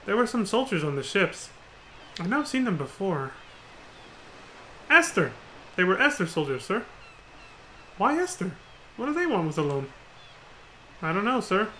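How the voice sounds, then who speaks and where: Dude reading a polite eager young sidekick, high bright voice. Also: male voice, big pitch swings, normal speed, pauses often, slight background noise, full character voice. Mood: helpful. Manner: earnest, tags sentences with "sir".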